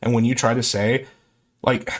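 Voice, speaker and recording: A man's voice: medium pitch, fairly even intonation, moderate pace, over a noisy crowd. A man giving casual, sarcastic reaction commentary on a video, breaking in with incredulous asides.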